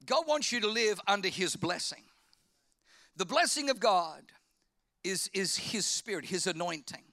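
A man preaching a sermon, fervent, repeating phrases and swinging from loud to hushed. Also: sits high, expressive, unhurried. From Australia. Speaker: pastor.

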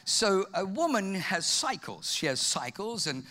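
A man preaching a humorous sermon, telling stories in an animated way and bursting into shouts. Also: sits high, unhurried. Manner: animated storytelling, acts out quoted voices, bursts into shouts.

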